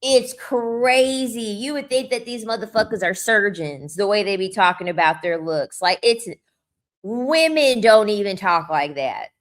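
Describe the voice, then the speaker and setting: A woman's voice: mid-range voice, animated, normal speed. A young woman vlogging a blunt, profane, mocking rant to the camera. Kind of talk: ranting commentary.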